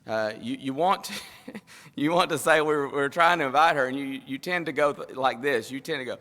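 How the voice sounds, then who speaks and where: A man with a Southern US accent gives a sermon, his bright, forward voice carrying a long reverb from the church hall around him. He talks in a folksy, rambling way, with chuckles running through his stories. His pitch stays in the middle for a man. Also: moderate pace. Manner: folksy, rambling, laughs while telling stories. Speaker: preacher. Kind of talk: sermon with storytelling. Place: church sanctuary.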